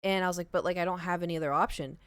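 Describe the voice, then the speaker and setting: A woman's voice: lowish voice, steady tone, very fast, clear, resonant tone, dry recording. Chatty young woman streamer, dry sound. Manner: chatty, rambling, heavy use of "like", laughs easily. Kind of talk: casual storytelling to live chat.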